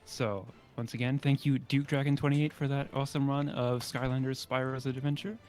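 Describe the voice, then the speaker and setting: Relaxed male marathon host. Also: medium pitch, normal speed, faint music behind. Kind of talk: event hosting.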